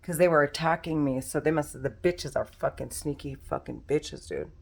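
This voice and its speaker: A woman's voice: deep voice, moderate pace, vocal fry, a little mellow, breathy edge. A distressed woman giving an angry, profane, repetitive monologue to camera, recorded at home in her condo. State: distressed and agitated. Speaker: vlogger.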